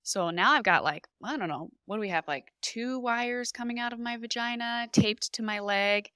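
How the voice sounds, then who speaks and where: A woman's voice: on the high side, normal speed, clear, resonant tone, dry recording. A young woman guest on a podcast, animatedly retelling a personal experience and acting out what people said. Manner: animated, emotional retelling with lively reenacted quotes. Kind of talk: personal storytelling in a podcast interview.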